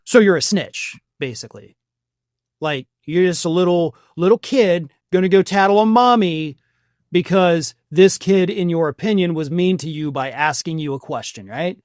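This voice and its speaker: A man's voice: sits high, moderate pace, a little mellow, no room sound, studio quality. A man hosting a political commentary show, talking in a scornful, heated and mocking way. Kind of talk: opinionated news commentary.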